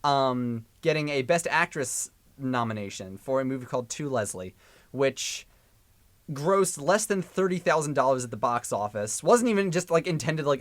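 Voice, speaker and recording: A man's voice: mid-range voice, animated, moderate pace, no room sound. A young man explains film news to his co-hosts with wry, dry humor. His voice is mid-range and recorded close, with a dry, roomless sound. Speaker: podcast co-host. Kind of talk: casual movie chat.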